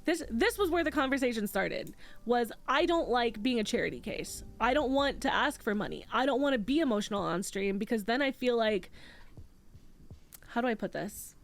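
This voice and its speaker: A woman's voice: on the high side, animated, a little fast. Stuffy-nosed woman streamer chatting casually. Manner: candid, swears freely, reads chat aloud. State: stuffy nose after crying. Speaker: streamer reading chat. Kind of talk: casual live-stream chat.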